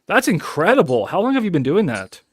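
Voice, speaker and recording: A man, running a casual live stream from his home office and chatting excitedly with viewers. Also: high-pitched, fairly quick, dry recording, studio quality. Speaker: wholesaler hosting a live stream. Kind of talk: casual live-stream chat and phone call.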